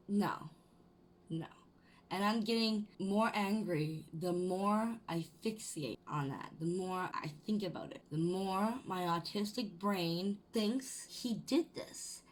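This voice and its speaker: A young adult woman ranting to her camera at an unhurried pace. She swears freely, keeps restarting her sentences and jumps into loud, high bursts. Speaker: vlogger. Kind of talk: casual rant to camera.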